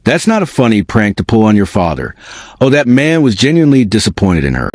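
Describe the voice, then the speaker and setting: A man's voice: lowish voice, very animated, a little fast, a little mellow, faint music behind. A man hosting a reaction commentary, lecturing in a disapproving tone. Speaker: commentary host.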